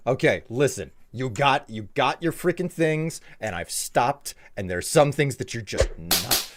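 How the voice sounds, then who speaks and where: A man's voice: mid-range voice, expressive, a little slow, background noise. A man streaming a game live, exasperated and swearing, teasing his chat.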